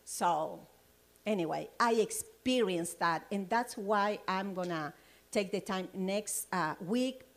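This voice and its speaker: A woman leading a Bible study shares her testimony at an unhurried pace. Her voice sits at an ordinary middle pitch. She tells the story loosely and rambles, and she laughs often. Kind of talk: sharing a personal testimony.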